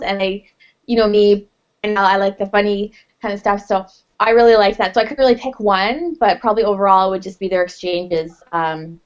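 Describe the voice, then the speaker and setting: A woman's voice: medium pitch, muffled recording. Bubbly, gushing woman co-host. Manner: bubbly, gushing, uses "like" a lot. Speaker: podcast co-host. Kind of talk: casual chat.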